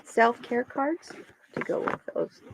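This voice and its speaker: Woman stream host, casual and chatty, lively pitch, higher voice. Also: takes it slowly, vocal fry, heavy background noise. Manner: chatty, talks to her pets and viewers. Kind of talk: casual chat reading stones and cards.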